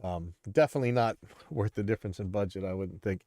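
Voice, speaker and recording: A man hosting a casual livestream, talking bluntly and rambling with restarts, a bit stuffy and clearing his throat. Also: on the low side, fast talker, mellow, dry recording, clean studio sound. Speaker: livestream host.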